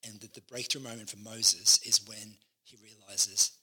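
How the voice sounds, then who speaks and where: A man who is a pastor co-hosting a leadership podcast, teaching with lively acted-out quotes. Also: on the low side, normal speed, hardly any pauses. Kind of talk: casual ministry podcast chat.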